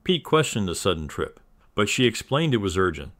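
A man reading a scripted story in an even, measured storytelling manner. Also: lowish voice. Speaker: narrator. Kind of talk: scripted narration.

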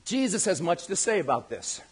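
A man with a high voice preaches to his congregation in a relaxed, conversational way. He is animated and playfully acts out the people he quotes. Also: a little fast, husky. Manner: addresses the congregation directly. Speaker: pastor. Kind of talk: lively conversational sermon.

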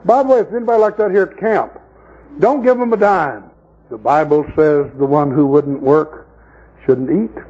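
At a camp meeting, a man preaches a sermon in a fairly high, darkish voice at a normal pace, on a lo-fi recording. He tells folksy stories and mocks the people he describes, putting on scornful voices for the scenes he quotes.

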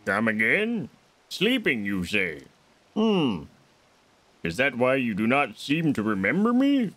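A man's voice: mid-range voice, wildly swooping pitch, slow, fairly bright tone, heavily acted. A man voicing a giant, regal old fish king, using formal old-fashioned speech. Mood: wistful. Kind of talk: voicing game dialogue on a stream.

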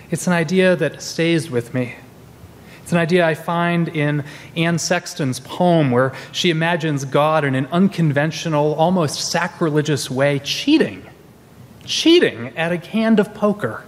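A man's voice: on the high side, animated, a little slow, a little hiss or hum. A man in his forties preaching a sermon as a minister, telling stories in a conversational way with restarts. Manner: conversational storytelling with many restarts. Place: church sanctuary. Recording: long reverb in a large hall.

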